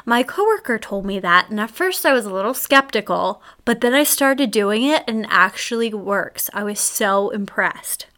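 A woman's voice: medium pitch, expressive, normal speed, hardly any pauses, a bit bright. Sassy young woman podcast host. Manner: sassy, exasperated rants with rhetorical questions. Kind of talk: casual solo podcast.

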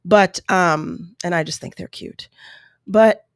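A woman's voice: on the low side, takes it slowly, no room sound, studio quality. A woman commenting earnestly on a video clip for her viewers, emotional and apologetic in her asides. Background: baby making noises.

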